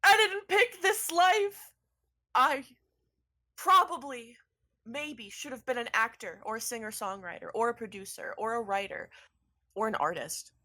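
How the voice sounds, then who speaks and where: A woman voicing a featureless dark male void being who is theatrical, whiny and melodramatic. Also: very high-pitched, lively intonation, moderate pace, dry recording, pitched above the performer's own voice, heavily acted.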